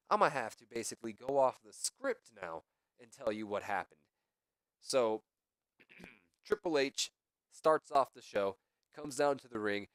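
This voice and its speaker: Low-voiced young man rambling over a game. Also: fairly bright tone, clear, resonant tone, dry recording. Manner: rambling, thinking aloud, says "pretty much" often. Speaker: let's play commentator. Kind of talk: casual game commentary.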